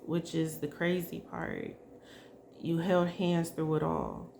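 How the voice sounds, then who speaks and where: A woman doing a psychic spirit reading, speaking softly and emotionally and addressing the spirit directly. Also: deep voice, huge pitch swings, slow pace, creaky, a little hiss or hum. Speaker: psychic reader.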